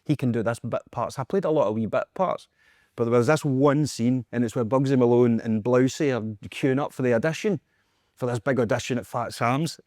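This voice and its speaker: A man with a Scottish accent, a guest performer telling animated, self-mocking stories with laughter in a casual chat. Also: mid-range voice, no echo, studio quality. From Scotland.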